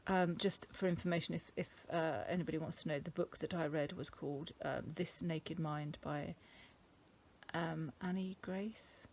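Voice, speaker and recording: A middle-aged woman from England talking casually to camera, thoughtful and halting, with many ums. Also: deep voice, steady tone, a little mellow, slight background noise. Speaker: vlogger. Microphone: camera mic.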